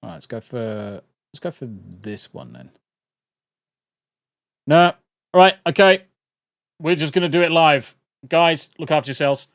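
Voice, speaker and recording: A man's voice: a little high, lively intonation, measured pace, long pauses, no room sound, studio quality. A British man hosting a livestream, chatting casually to viewers in a rambling, jokey way and swearing freely. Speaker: livestream host.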